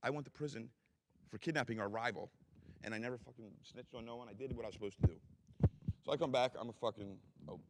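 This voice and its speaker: A man's voice: medium pitch, background noise. A man in his forties with an East Coast accent, telling blunt, heavily profane stories as a guest speaker. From Philadelphia. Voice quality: blunt, heavily profane, rapid street talk. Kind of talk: storytelling talk. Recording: reverberant hall.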